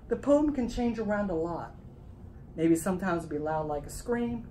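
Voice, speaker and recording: A woman performer giving a slow, deliberate spoken-word reading in short phrases at an apartment concert, recorded on a phone camera across the room. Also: medium pitch, expressive, mellow, slight background noise, low-quality recording. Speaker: experimental music performer.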